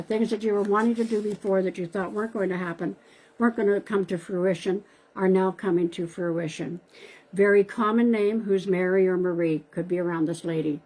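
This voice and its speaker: Over a live stream picked up by a device mic, a woman from Canada reads cards for viewers as a psychic medium, chatting and addressing them by name. She has a mid-range voice with a dark tone, and the recording quality is low.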